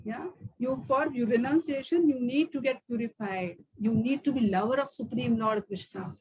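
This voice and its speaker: A woman's voice: on the high side, moderate pace, a little mellow, breathy edge, rough recording. A woman with an Indian accent teaching a scripture course, mixing in stories, with frequent fillers. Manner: code-switches between English and Hindi, storytelling, many fillers. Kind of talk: online course lecture.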